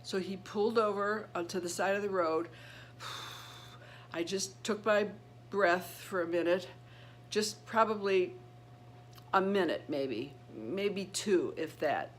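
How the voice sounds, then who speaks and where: A middle-aged woman who hosts a channel tells her viewers a personal story in a mid-range voice, with a little hiss or hum audible. She speaks earnestly but haltingly, restarting often and repeating words.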